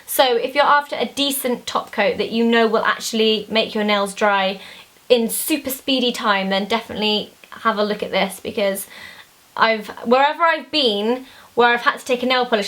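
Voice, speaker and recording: Young woman, bubbly rambling chat, fairly high voice. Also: normal speed, a bit bright. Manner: chatty, bubbly, rambling with many fillers. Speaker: beauty vlogger. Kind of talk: casual chat.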